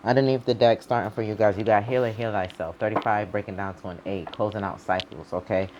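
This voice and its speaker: A man's voice: on the low side, fairly even intonation, quick pace, dull audio, noisy background. A man doing a casual, rambling tarot reading for his channel, full of fillers and loose, informal talk with the odd swear word. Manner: loose and rambling, heavy on "like" and "you know". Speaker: tarot reader.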